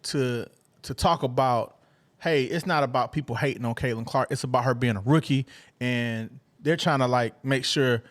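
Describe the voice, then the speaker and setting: A man co-hosting a sports podcast in casual chat, animated and repeating himself as he works through a point. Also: medium pitch, normal speed. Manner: animated, restarts a lot, mock-quotes trolls. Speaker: podcast co-host.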